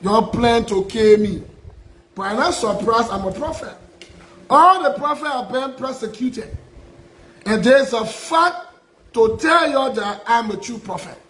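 A man's voice: very high-pitched, lively intonation, unhurried, a bit bright, reverberant, slight background noise, rough recording. A Liberian man, a self-styled prophet, making an impassioned public address full of repeated rhetorical questions. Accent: Liberian English. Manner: repetitive, aggrieved, rhetorical questions.

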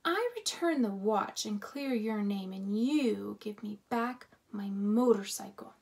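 A woman's voice: medium pitch, expressive, slow, gravelly, a little mellow, husky, full character voice. A woman voicing a small, bold talking mouse boy who is eager and indignant in a storybook reading. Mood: insistent.

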